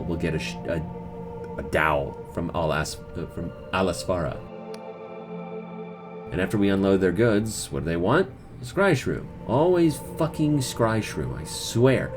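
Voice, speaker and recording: A man voicing a sardonic woman harbor master in a fantasy game, speaking in a dry, grumbling, unhurried way. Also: low voice, close to an everyday voice.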